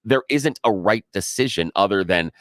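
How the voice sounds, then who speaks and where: A man co-hosting a radio talk show, backing up his partner with quick affirmations and an occasional chuckle. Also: lowish voice, animated, fairly bright tone, dry recording, studio quality. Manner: supportive, frequent short affirmations, chuckling.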